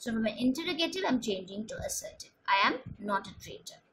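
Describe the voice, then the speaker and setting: A high-voiced woman teaches a grammar lesson, her pitch swinging widely as she stresses each example. She explains slowly and repeats herself for emphasis, with a faint hiss of room noise behind her. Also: sing-song, a bit bright, low-quality recording. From India. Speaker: school English teacher.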